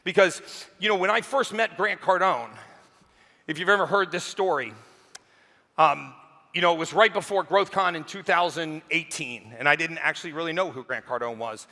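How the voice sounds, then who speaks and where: A man giving a keynote speech on a conference stage, telling a story with lively acted-out quotes. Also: fairly high pitch, moderate pace. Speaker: keynote speaker. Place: conference stage, large hall. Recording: long reverb of a large hall.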